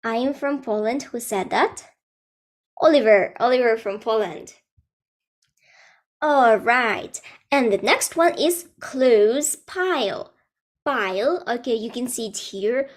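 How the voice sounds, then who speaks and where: A young woman in her twenties runs an online English lesson for kids. She speaks slowly in a fairly high voice, laughing often and explaining words plainly. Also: animated. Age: 20s. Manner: playful, laughs often, simple slow explanations. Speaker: English teacher.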